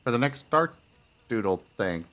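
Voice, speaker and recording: A man's voice: mid-range voice, very animated, moderate pace, a bit bright, lo-fi sound. A man hosting a casual game stream, playful and reading game dialogue aloud. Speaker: streamer host. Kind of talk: casual let's-play chat.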